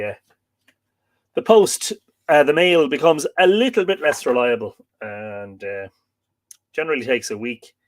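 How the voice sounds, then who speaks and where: An Irish man hosting a live stream, reading out viewer comments and chatting in a relaxed, rambling way with lots of fillers. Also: medium pitch. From Ireland. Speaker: host.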